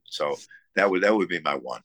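A man's voice: deep voice, lively intonation, brisk, a bit bright, dry recording. A man from the Buffalo area, a musician guest in a casual interview, telling stories with enthusiasm between many fillers and restarts. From United States, Buffalo area. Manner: enthusiastic storytelling.

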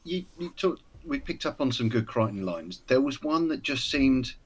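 A man's voice: medium pitch, animated, normal speed, breathy edge. A man co-hosting a podcast in casual chat, talking with enthusiasm. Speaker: podcast co-host.

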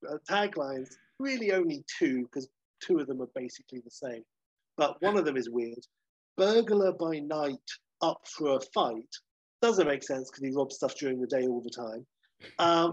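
A man co-hosting a podcast, telling a comic sequel plot in a casual, animated way. He jumps into the characters' lines and laughs often. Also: medium pitch, breathy edge, dry recording, dull audio. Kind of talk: casual comedic storytelling.

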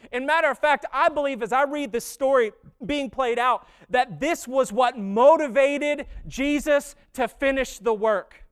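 A man with a very high, smooth and clear voice preaches a sermon to his church. He moves between easy, chatty storytelling and slow, emphatic lines that press each point home. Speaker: pastor.

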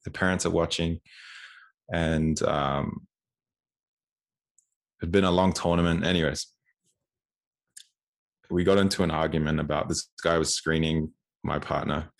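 Gravelly low-voiced man in his twenties. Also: steady tone, unhurried, pauses often. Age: 20s. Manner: candid, repeats words while telling stories. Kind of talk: casual conversational storytelling.

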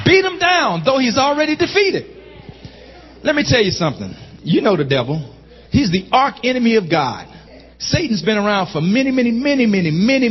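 A pastor preaches in a high, ringing, slightly rough voice, using call-and-response with his congregation and climbing into shouts. The recording sounds somewhat dull and lo-fi, and his voice trails off in a long reverb like that of a large church sanctuary.

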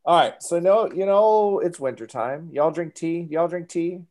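A man's voice: fairly high pitch, a little slow, darkish tone. A man hosting a casual podcast and running a playful quiz game, teasing his guests. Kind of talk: casual chat.

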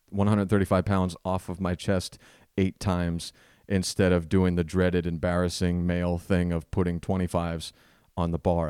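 A man hosting a podcast, telling a rambling, self-deprecating story in a casual, animated way. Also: low voice, clear, resonant tone, no room sound, studio quality. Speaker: podcast host. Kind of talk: casual comedic storytelling monologue.

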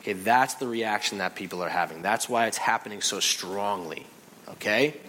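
A male pastor preaching a sermon in an animated way, acting out other people's voices and reactions. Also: fairly low pitch, normal speed, slight background noise, poor audio.

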